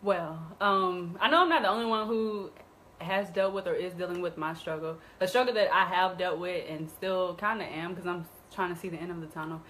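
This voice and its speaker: A young woman co-hosting a casual live talk show, speaking haltingly and softly with many pauses and fillers. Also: lowish voice, slight background noise, rough recording. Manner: halting, soft-spoken, many ums. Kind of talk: casual live-stream chat.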